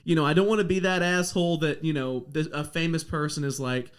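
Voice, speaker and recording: A man's voice: fairly high pitch, fairly even intonation, a little fast, smooth. A man from Oklahoma hosting a podcast, telling a long story in a rambling, casual way full of "like" and fillers. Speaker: podcast host.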